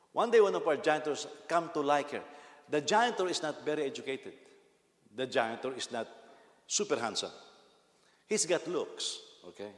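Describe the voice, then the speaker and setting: A man's voice: mid-range voice, a bit bright. A man preaching a sermon as pastor, telling a story and laughing at it as he goes. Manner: storytelling, laughs at his own anecdotes, acts out quotes. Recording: echoey hall with long reverb.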